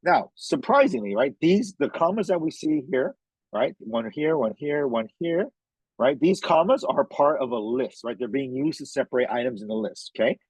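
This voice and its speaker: A man's voice: on the high side, big pitch swings, moderate pace, darkish tone, breathy edge, no echo, low-quality recording. A man tutoring a reading lesson in a casual way, constantly checking in with "okay?" and "right?" as he walks through a passage. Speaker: test prep tutor.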